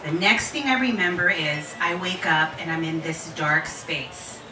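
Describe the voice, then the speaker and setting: A woman in her forties telling a personal story to a live audience, candid and animated, laughing and swearing freely. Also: sits low, a little slow, reverberant, far from the mic, background noise. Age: 40s.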